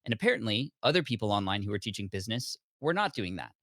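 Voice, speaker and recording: Lively low-voiced man telling his story. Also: quick pace, no echo, clean studio sound. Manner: animated storyteller acting out his past self. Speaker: podcast guest. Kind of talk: storytelling in conversation.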